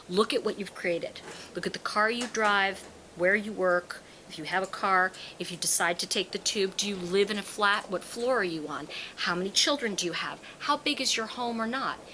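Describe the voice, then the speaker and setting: With a medium-pitched voice, a woman who teaches and reads tarot speaks informally to a crowd, bringing her stories alive by voicing the people in them. The recording is rough, with a faint hiss or hum.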